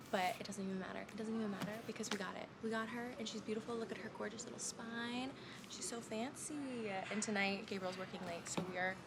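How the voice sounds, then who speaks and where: Vlogger, woman late 20s, chatty storyteller, fry in the voice, noisy phone recording. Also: medium pitch. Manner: chatty storytelling, hushed asides. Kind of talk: casual vlog chat. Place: in a store, at work, at home. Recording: phone vlog with clear background noise.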